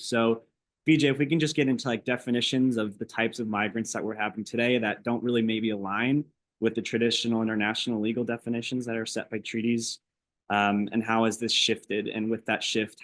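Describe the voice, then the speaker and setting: Halting young man moderating, deep voice. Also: no room sound, low-quality recording. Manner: nervous, halting, with many ums and uhs. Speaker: event moderator. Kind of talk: public talk introduction and questions.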